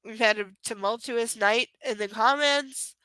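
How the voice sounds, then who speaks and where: A tired young woman with a stuffy nose chats casually on her live book stream. Her voice is bright and crisp, with a slightly higher pitch, and the sound is dry and close. She rambles in an affectionate, self-deprecating way. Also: measured pace, no echo, rough recording. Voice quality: stuffy nasal voice. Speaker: livestream host reading a book aloud.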